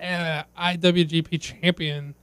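A man's voice: fairly high pitch, flat delivery, slow, fairly bright tone, clear, resonant tone, dry recording. A man co-hosting a casual podcast chat, joking and teasing his co-hosts. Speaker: podcast co-host.

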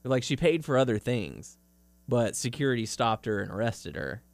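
A man hosting a podcast, relaying news in a relaxed, filler-heavy way. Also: medium pitch, moderate pace, gravelly, dry recording. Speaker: podcast host reading news. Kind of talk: casual chat.

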